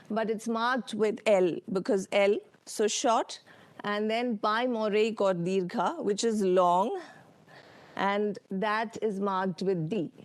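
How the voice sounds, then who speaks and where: A woman with an Indian English accent presenting a lecture with slides, unhurried, with many ums and uhs and questions to the audience. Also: medium pitch, no room sound. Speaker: workshop speaker. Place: conference hall.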